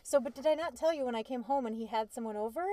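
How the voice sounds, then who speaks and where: A woman's voice: fairly high pitch, fast, a loud crowd. A woman in her thirties telling a story in casual chat, blunt and profane, laughing often as she talks.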